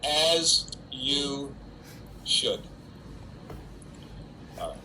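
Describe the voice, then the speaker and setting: Speaking extremely slowly in a sing-song, medium-pitched voice that's bright and forceful, the actor chats from home during quarantine. He's a middle-aged man answering fans' typed questions on a solo livestream, self-mocking and addressing an unseen audience. The recording is low quality, with slight background noise.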